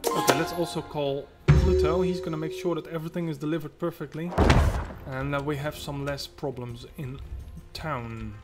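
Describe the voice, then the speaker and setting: A man talks through a city-building game he is playing, chatting loosely and muttering asides to himself. His voice sits a little high for a man. Loud game music plays behind him. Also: steady tone, moderate pace. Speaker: let's play host. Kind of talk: casual gameplay commentary.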